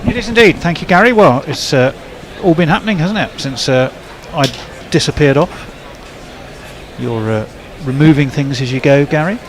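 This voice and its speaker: A man's voice: fairly high pitch, lively intonation, normal speed, background noise. A man giving ball-by-ball cricket commentary in a chatty way, checking himself aloud.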